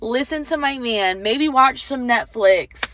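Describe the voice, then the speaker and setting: A woman chatting casually to her viewers in a relaxed, chatty way. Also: a little high, a little slow, a little hiss or hum. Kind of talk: casual vlog chat.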